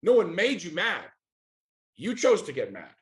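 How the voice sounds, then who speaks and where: His high voice swoops wildly in pitch at a normal speed: a middle-aged man from the US, guesting on a podcast. He talks candidly and intensely, swearing regularly and launching rhetorical questions.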